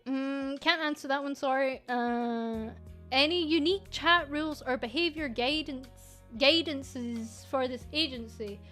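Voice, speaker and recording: A woman's voice: sits high, a little slow, bright, forceful tone, soft background music. A woman with a Scottish accent who runs a VTuber agency, answering viewer questions in a casual livestream. She talks frankly and jokingly, with plenty of fillers and restarts.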